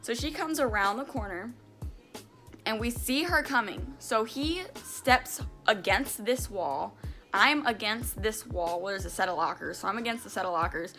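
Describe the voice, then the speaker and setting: A young woman tells a personal story to her camera in an animated, emphatic way, dropping casual swear words as she goes. Her voice has a bright, sharp edge, and faint music plays underneath. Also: medium pitch, normal speed. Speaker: vlogger. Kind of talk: storytime vlog.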